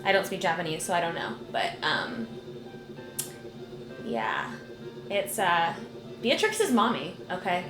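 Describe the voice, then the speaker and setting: A woman's voice: lowish voice, sing-song, slow, pauses often. Chatty woman streamer over game music. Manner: chatty, gushing, lots of "like". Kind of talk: let's play commentary. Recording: roomy, game music behind.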